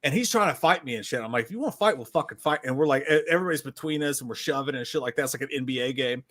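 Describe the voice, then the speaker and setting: A man, co-hosting a casual livestream and telling profane stories with loud shouted quotes. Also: mid-range voice, very fast. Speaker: podcast co-host.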